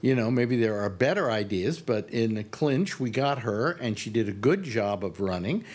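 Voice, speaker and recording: An older man from the United States hosting a casual panel chat, talking haltingly with many filler pauses. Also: on the low side, animated, darkish tone. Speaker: host.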